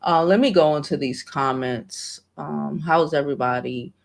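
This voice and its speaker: On her casual livestream, a woman with a low, gravelly voice speaks at a moderate pace. She pours out heartfelt, emphatic talk laced with swearing and repeated words of hope.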